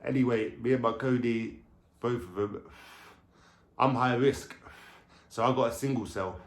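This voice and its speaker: A London man vlogs to camera at home, telling rambling, slangy stories and swearing freely, with a dog nearby. His mid-range voice is a little slow, and the indoor room is echoey.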